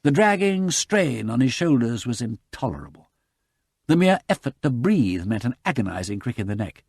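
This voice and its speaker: A man reading a novel aloud as an audiobook narrator, with dramatic, lively narration. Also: medium pitch, moderate pace, husky, dry recording, studio quality. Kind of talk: scripted narration.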